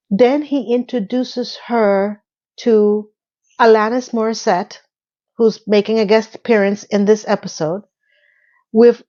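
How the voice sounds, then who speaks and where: A woman recapping an episode in a casual, animated way, retelling scenes with quoted lines. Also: mid-range voice, dull audio. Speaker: recap vlogger.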